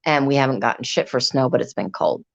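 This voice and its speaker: A woman's voice: rumbling low, quick pace, creaky. A woman hosting a livestream, chatting casually and rambling, with frequent swearing. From Upper Peninsula of Michigan. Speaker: livestream host. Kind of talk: casual chat. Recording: dull lo-fi sound.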